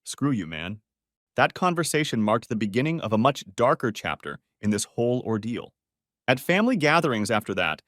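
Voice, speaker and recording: Lively male story narrator. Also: mid-range voice, no room sound, studio quality. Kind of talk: scripted first-person story narration.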